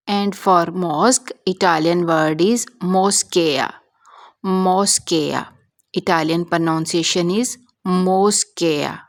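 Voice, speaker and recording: A woman teaching vocabulary, repeating each word several times in a careful, measured way. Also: on the low side. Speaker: language teacher. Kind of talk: slow, repetitive vocabulary lesson.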